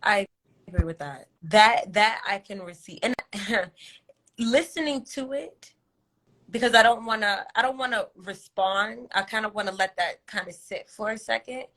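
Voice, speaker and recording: A woman's voice: medium pitch, normal speed, fairly bright tone. A woman who calls herself a healer, in a candid podcast conversation, telling an emotional story vividly and acting out her inner dialogue.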